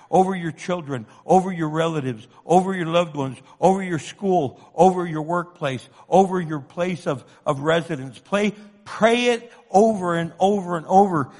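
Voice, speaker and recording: A man preaching a sermon with passion, moving between loud pleading and hushed tones, in an echoing church hall. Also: sits high. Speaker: pastor.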